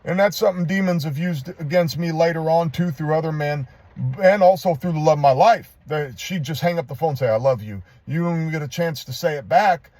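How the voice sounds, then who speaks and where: Dark-voiced man, halting and earnest. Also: a little high, dry recording. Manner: halting, rambling, with many restarts; earnest and confessional. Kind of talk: personal testimony monologue.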